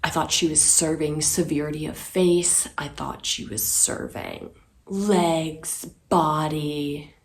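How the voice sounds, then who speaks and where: A young adult woman giving sassy, expressive, casual commentary as a fashion vlogger, swearing for emphasis. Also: sits low, slow.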